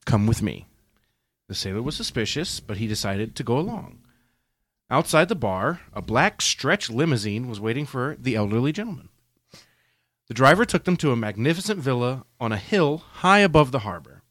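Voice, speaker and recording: A man's voice: medium pitch, sing-song, normal speed, fairly bright tone, dry recording, studio quality. A man co-hosting a podcast, reading a story aloud with playful asides and quoted voices in casual chat. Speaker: podcast co-host.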